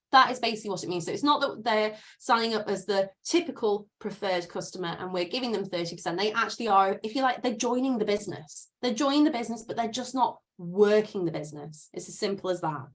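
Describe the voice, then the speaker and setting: A woman's voice: medium pitch, animated, fast talker, few pauses. A woman mentor leading an online training session over a video call, upbeat and motivational, often repeating words for emphasis.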